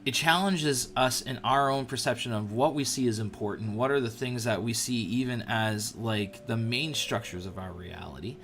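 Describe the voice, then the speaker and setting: A man hosting a livestream, giving a casual devotional talk to viewers in an animated, joking way, often restarting his sentences. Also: medium pitch, normal speed, few pauses, slight background noise. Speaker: livestream show host.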